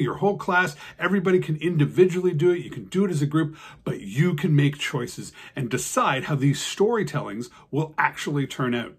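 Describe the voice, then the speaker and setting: Guy telling a kids story, lively voice, kinda husky, does sound effects. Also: fairly high pitch. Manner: animated, with spoken sound effects. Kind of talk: children's storytelling.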